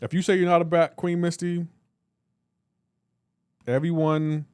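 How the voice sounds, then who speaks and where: A man's voice: on the high side, level tone, unhurried, darkish tone, clear, resonant tone, no room sound. A man on a live reaction stream, teasing and bantering with his chat and laughing often. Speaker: livestreamer.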